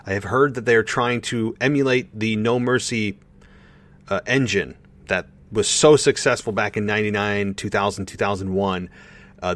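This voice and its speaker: A man with a somewhat low voice talks casually as host of a podcast. He rambles with animated swings and frequent restarts. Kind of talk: casual solo podcast talk.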